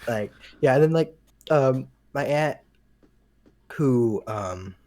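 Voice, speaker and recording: A man's voice: mid-range voice, animated, takes it slowly, a crowd in the background. A young man co-hosting a podcast, telling rambling family stories in casual chat and chuckling now and then. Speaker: podcast co-host.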